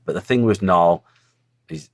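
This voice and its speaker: A man's voice: deep voice, a little slow. A middle-aged man, a former footballer telling stories in a blunt, earthy way as a podcast guest. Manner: blunt, earthy storytelling with swearing. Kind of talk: casual interview chat.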